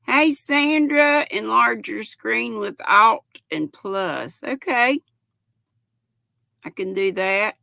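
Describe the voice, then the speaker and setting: A woman in her sixties from North Carolina hosts a relaxed livestream, reading comments aloud and calling each viewer sweetheart or honey. Her fairly high voice is gravelly with occasional cracks, a bright edge, and an unhurried pace, recorded close and dry with no room sound.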